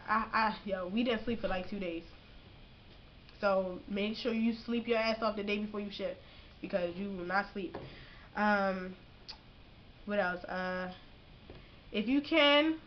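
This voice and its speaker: A young woman giving casual, profanity-heavy advice in a vlog, telling her story in a slangy, animated way. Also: medium pitch, muffled recording, a little hiss or hum. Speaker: vlogger giving boot camp advice.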